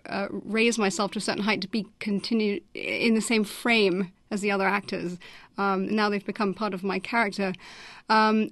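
A woman's voice: medium pitch, fairly bright tone, no echo, clean studio sound. Wry, laughing woman actor guest. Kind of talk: radio interview. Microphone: studio mic at a remote station.

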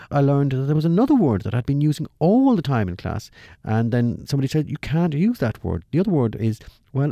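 Middle-aged Irish man, dry close radio read, gravelly, wry comic storyteller. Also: no echo. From Ireland. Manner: wry storytelling with lively shifts in pitch. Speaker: radio commentator. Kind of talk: scripted humorous commentary.

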